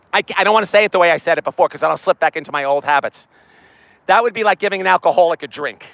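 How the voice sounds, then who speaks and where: An excitable man vlogging outdoors on a city street, rambling loudly at a phone set down nearby. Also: sits high, creaky, dry recording, low-quality recording. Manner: excitable, loud and rambling, talks to his phone. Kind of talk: rambling comic street vlog. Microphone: phone camera set down nearby.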